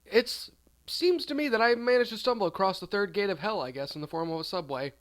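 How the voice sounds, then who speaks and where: A man's voice: high voice, brisk. A man telling an absurd comedic storytime in a rambling, offhand way. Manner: rambling, deadpan absurd, trailing off. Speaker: storyteller, channel host.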